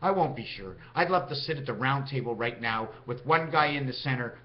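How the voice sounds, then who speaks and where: A man vlogging a rambling monologue, jumping from topic to topic with big swings in pitch. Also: lively intonation, fairly quick, dull audio.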